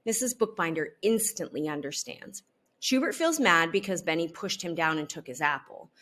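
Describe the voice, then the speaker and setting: Woman reading a children's story aloud. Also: lowish voice. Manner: expressive, unhurried storytelling. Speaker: storybook reader.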